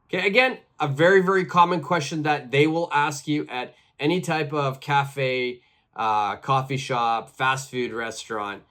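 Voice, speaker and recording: A man teaching an English lesson, who says phrases slowly and clearly and repeats them for practice. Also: medium pitch, bright, forceful tone.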